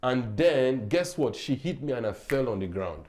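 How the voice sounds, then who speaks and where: A man, a guest on a talk show, telling a story in a lively way, laughing often and stumbling over his words. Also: mid-range voice, moderate pace. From Nigeria. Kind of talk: casual storytelling.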